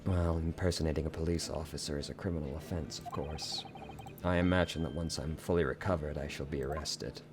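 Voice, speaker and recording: A man voicing a soft-spoken, remorseful gentleman in a video game, subdued and formal. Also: very deep voice, steady tone, brisk, noisy background. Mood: resigned. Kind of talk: reading game dialogue aloud.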